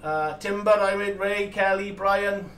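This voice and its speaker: A man with a high, fairly bright voice speaks at a measured pace in a steady tone, sitting far from the mic. He hosts a live model-making stream, chatting casually, laughing a lot, and restarting sentences with plenty of fillers. The room is echoey, with faint background noise.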